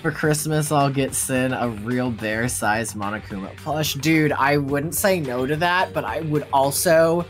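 A woman's voice: extremely low pitch, unhurried, hardly any pauses, faint music behind. A woman who jokes and laughs often, chatting casually while voice-acting a game with friends. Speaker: fan voice actor and player.

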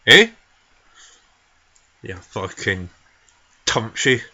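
A man's voice: fairly low pitch, very animated, drawn-out words, bright, forceful tone, exaggerated voice. A man playing a sweary furious Scottish granny. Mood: ranting. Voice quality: sweary, abrasive, ranting. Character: foul-mouthed furious old Scottish granny, 83. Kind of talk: ranting comedy character vlog. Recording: dull lo-fi home recording.

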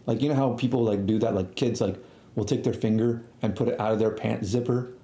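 In an echoey room, a young man streams a rambling story full of slang and free swearing. He talks a little fast, his voice fairly low and dark with fairly even intonation.

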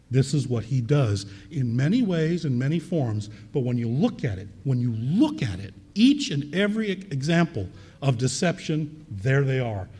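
A man preaching a sermon in a church, reading scripture aloud and repeating key words for emphasis, with a slightly husky voice. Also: medium pitch, dark tone, big-room sound.

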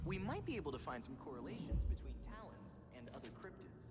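An actor playing an eager young male hero who talks excitedly and insistently. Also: a little high, fast talker, loud music behind the voice. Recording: reverberant game audio with ambience.

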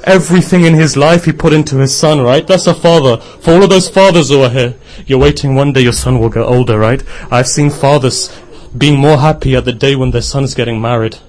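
A man's voice: mid-range voice, fairly quick, a little mellow. A man giving an emotional sermon, speaking directly to the congregation and often raising his voice. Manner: impassioned, addresses the congregation directly; rises to a strained, raised voice at the climax. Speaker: preacher giving a mourning lecture.

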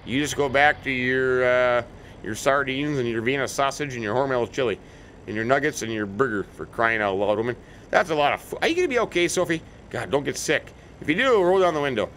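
A man's voice: mid-range voice, lively intonation, a little fast, fairly bright tone, a little hiss or hum. A middle-aged American man casually commenting on a farming game, joking and talking to imaginary companions. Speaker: let's play host. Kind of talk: casual game commentary with role-play banter. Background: faint game vehicle sounds.

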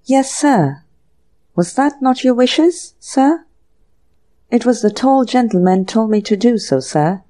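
A woman's voice: fairly high pitch, lively intonation, slow pace, dark tone, voice pushed up. A woman voicing a polite, apologetic male manservant in an audiobook reading. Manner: respectful, ends phrases with "sir".

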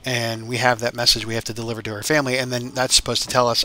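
A man's voice: medium pitch, level tone, very fast, bright, forceful tone. A man giving casual let's-play commentary, rambling and thinking aloud with lots of fillers. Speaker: gaming YouTuber.

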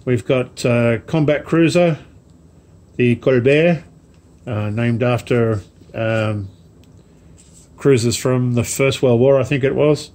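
A man casually showing off a parcel of model ships to camera, rambling slowly with many ums and asides. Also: medium pitch, a little mellow. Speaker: wargaming hobby vlogger. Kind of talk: casual unboxing chat to camera.

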